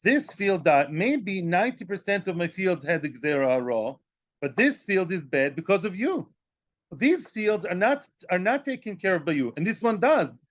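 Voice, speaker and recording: A man teaching a Talmud class in a lively way, acting out both sides of the argument and mixing in Hebrew and Yiddish terms. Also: sits high, moderate pace, highs cut off.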